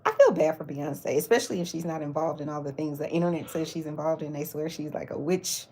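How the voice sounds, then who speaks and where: A woman's voice: sits low, fast talker, dark tone. A woman hosting her own livestream, chatting casually about celebrity gossip with mocking asides. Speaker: livestream host.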